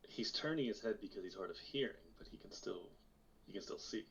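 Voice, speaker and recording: A man's voice: on the low side, animated, brisk, fairly bright tone. A man playing a tabletop game, asking questions and reading out his character's written notes. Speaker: player. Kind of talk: tabletop role-play chat. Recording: dull lo-fi mic.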